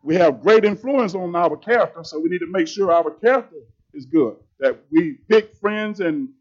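A man's voice: sits high, lively intonation, moderate pace, dull audio. A man preaching a sermon in a plain-spoken, emphatic, conversational way.

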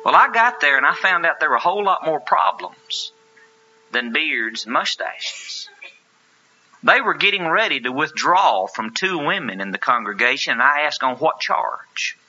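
A man's voice: on the high side, sing-song, moderate pace, sharp tone, slight background noise. A man preaching a sermon, telling a story with earnest, emphatic rhetorical questions. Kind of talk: sermon with anecdote. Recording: lo-fi sermon recording.

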